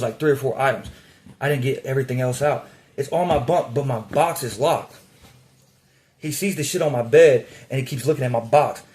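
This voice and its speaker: A young man from Indiana telling a casual prison storytime, profane and animated, getting louder as it heats up. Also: on the high side. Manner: profane, animated, gets louder when worked up.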